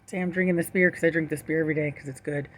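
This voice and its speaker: A woman's voice: low voice, steady tone, rapid-fire, a little hiss or hum. A young woman telling a rambling, profane story to her camera, laughing often. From St. Louis area. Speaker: vlogger.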